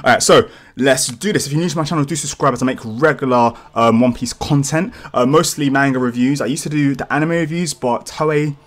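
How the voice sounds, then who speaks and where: A man hosting a live manga reaction, excitable and rambling with casual swearing, feeling a bit sick and clearing his throat. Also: mid-range voice, brisk. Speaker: channel host.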